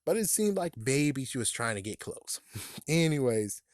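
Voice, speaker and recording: A man giving a casual, animated spoken book review, cursing often and acting out characters' lines in quick bursts. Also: medium pitch, dry recording, studio quality.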